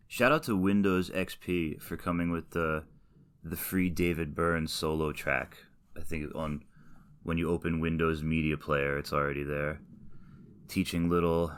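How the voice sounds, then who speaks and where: A man's voice: a bass voice, smooth. A man in his late twenties, a podcast host rambling through a casual, self-deprecating solo monologue full of tangents.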